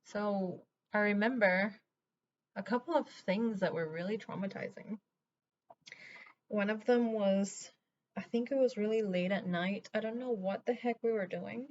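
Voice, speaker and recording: A young woman from Venezuela talks candidly to camera while getting ready, wandering from one childhood memory to the next and often laughing through the rough parts. Her voice sits in a middle pitch. The home recording sounds a bit dull, with a faint hiss behind her. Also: a little slow. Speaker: vlogger. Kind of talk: get-ready-with-me chat while doing makeup.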